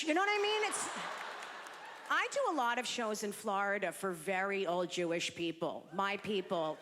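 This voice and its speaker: A woman's voice: mid-range voice, very animated, moderate pace, big-room sound, background noise. A woman doing a brash, self-deprecating stand-up set on a comedy stage into a handheld mic.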